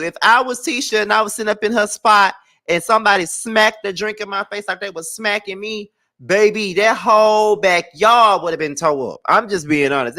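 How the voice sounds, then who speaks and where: Theatrical bright-voiced gossip host, man. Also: high-pitched. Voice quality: theatrical, animated. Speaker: show host. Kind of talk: casual gossip commentary.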